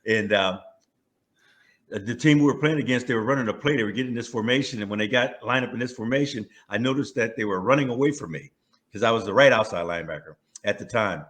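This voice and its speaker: Talking fast in a lowish voice, this sixty-something ex-pro footballer from California recounts stories during a relaxed interview. His delivery is lively, punctuated by frequent restarts and chuckles.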